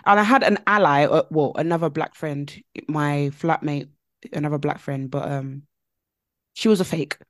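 A woman co-hosting a podcast, chatting casually and telling stories with animated, emphatic repetition. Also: sits low, moderate pace, dry recording, studio quality. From Nigeria. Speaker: podcast co-host. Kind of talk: casual chat.

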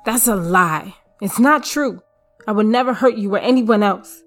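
A woman's voice: medium pitch, normal speed, faint music behind, pitched above the performer's own voice, natural voice. A woman voicing a desperate captive wife who pleads and argues in a raised, strained voice. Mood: denying.

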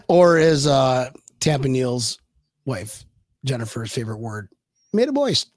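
A man co-hosting a sports fan podcast, rambling and hyped, with loud bursts of laughter and yelling. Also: medium pitch, sing-song, takes it slowly, no room sound, clean studio sound. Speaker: podcast co-host. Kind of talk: excited sports fan chat.

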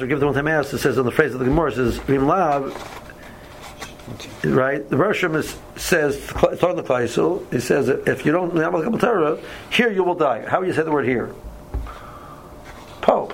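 On a low-quality recording with a little hiss or hum, a man with a fairly high voice leads a casual Torah study class. He reads Hebrew verses aloud and then explains them, often stumbling over and repeating words.

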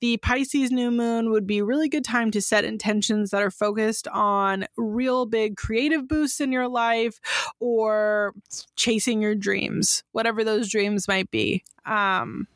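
Bubbly woman co-host, bright-ish high voice, dry close sound. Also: steady tone, a little slow, dry recording. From Bay Area, California. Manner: bubbly, laughs often, swears casually. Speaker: podcast co-host. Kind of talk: casual podcast chat.

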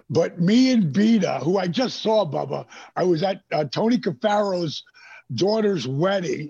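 A middle-aged man telling animated, profane stories on a podcast, acting out the voices of people he quotes. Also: fairly high pitch, slightly rough. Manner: animated, profane storyteller who acts out quotes. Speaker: guest. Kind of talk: casual storytelling. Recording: dull lo-fi podcast audio.

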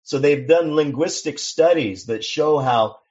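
Measured male guest on a lo-fi line. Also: on the high side, a little mellow. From Seattle, US. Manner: measured, explanatory, with frequent restarts. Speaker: songwriter guest. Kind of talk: casual interview chat.

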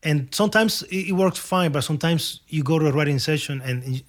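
A man from Cuba, a guest musician in a casual interview over a video call, telling animated stories with frequent restarts and acted-out dialogue. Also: a little high, brisk.

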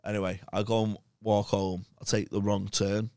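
With a fairly low, clear, resonant tone at a moderate pace, a young English man chats casually as a podcast guest, swearing a lot through rambling, lively stories. The recording is dry and studio-clean.

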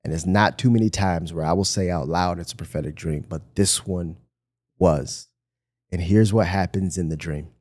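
A man from Michigan, a pastor, telling an animated personal story in a podcast conversation and acting out the voices he quotes. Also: deep voice, normal speed.

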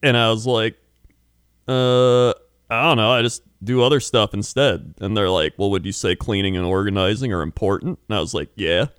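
A man's voice: fairly low pitch, normal speed, fairly bright tone, smooth, no echo, clean studio sound. A man co-hosting a casual podcast chat, rambling through stories and laughing often. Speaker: podcast co-host.

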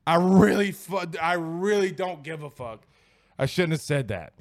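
Man hosting a sports stream, tipsy, rowdy and profane, high voice, dry close sound. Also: expressive, measured pace, no room sound. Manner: rowdy, profane, laughs a lot. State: tipsy from whiskey. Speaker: sports show host. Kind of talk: casual livestream chat reading viewer comments.

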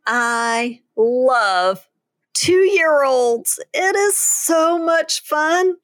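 A woman's voice: high voice, lively intonation, very slow, a bit bright, no room sound, clean studio sound. A woman co-hosting a parenting advice podcast, enthusiastic, with laughing asides. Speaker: podcast co-host.

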